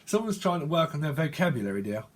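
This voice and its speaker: A man's voice: fairly high pitch, big pitch swings, quick pace. A man with a British accent giving a casual tarot reading, rambling playfully and acting out imagined voices full of slang. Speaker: tarot reader.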